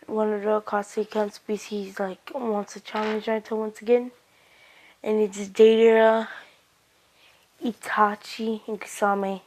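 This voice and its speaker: A woman's voice: medium pitch, darkish tone, rough recording. A woman casually retelling an invented anime fan story, rambling along with frequent restarts and "he's like" asides.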